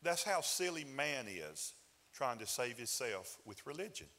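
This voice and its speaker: A man preaches in a loose, folksy way, pushing up into emphatic bursts. His voice is bright and forceful. A long hall reverb trails each phrase. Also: mid-range voice, sing-song, unhurried. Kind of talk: sermon.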